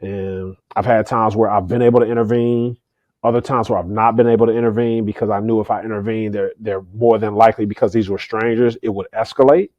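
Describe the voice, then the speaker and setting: A man's voice: lowish voice, steady tone, a little fast, no room sound, dull audio. A middle-aged man speaking candidly as a podcast guest, earnest, often repeating words as he starts a thought. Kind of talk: candid conversational interview.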